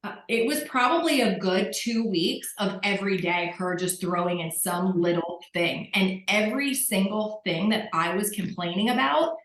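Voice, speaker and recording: A woman's voice: mid-range voice, moderate pace, a bit bright, roomy sound, rough recording. A woman telling her story candidly on a group call, acting out what people said. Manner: candid, self-mocking storyteller who acts out quotes.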